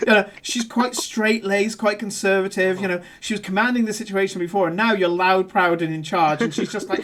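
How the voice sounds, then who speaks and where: A man's voice: high-pitched, fairly even intonation, brisk, few pauses, noisy background. A man narrating as game master of a tabletop game, rambling with many fillers and swearing freely.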